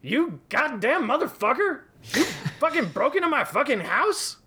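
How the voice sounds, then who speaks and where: A man's voice: mid-range voice, animated, moderate pace, sharp tone. A man voicing a furious, foul-mouthed frontier sheriff who screams and curses. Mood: screaming rage. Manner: screaming, swearing, explosive.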